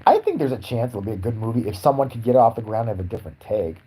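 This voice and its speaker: A man's voice: mid-range voice, expressive, very fast, dark tone, slight background noise, rough recording. A young man ranting in a crude, sarcastic, profane way as a podcast host. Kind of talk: crude comedic rant.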